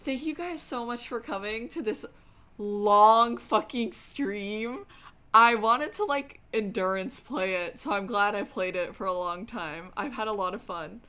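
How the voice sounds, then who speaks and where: Slow, expressive woman game streamer. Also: mid-range voice. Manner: expressive, excitable, swears casually. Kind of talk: live game stream, reading narration and chatting.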